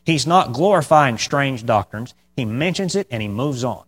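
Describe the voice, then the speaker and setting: A male preacher walks his listeners through scripture verse by verse in a mid-range voice. He talks conversationally, tossing in "okay?" and dry, sarcastic asides. When he presses a point, his voice climbs high and loud. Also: expressive, normal speed, slightly rough. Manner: conversational, repeats "okay?" to the congregation. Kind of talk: verse-by-verse Bible teaching.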